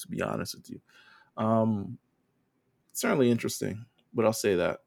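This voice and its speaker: A man co-hosting a podcast, chatting casually in a relaxed, slangy way. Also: mid-range voice, normal speed, gravelly, long pauses. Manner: relaxed, loose with fillers and slang. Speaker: podcast co-host. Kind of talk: casual chat.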